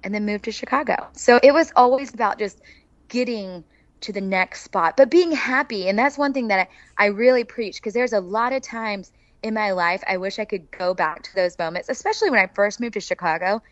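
A woman with an Oklahoma accent tells her story as an interview guest, chatty and animated. The sound is dry and a bit dull and lo-fi, with no room echo. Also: mid-range voice, brisk. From Oklahoma, USA.

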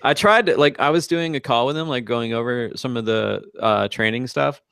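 A man's voice: medium pitch, normal speed, creaky, a bit bright, smooth, dry recording, clean studio sound. An American man co-hosting a podcast, chatting loosely and joking with easy laughter. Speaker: podcast co-host. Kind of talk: casual podcast chat.

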